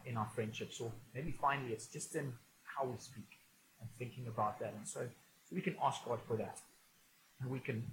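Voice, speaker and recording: A man's voice: medium pitch, background noise. Man preaching with humor. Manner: conversational and humorous, with frequent restarts. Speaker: pastor. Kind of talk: sermon. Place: church auditorium.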